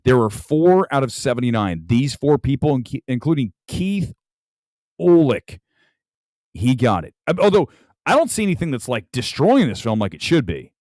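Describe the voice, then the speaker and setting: A man's voice: medium pitch, sing-song, moderate pace, a little mellow, dry recording. A man hosting a live late-night movie talk show from home, ranting furiously and emphatically. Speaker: film critic host.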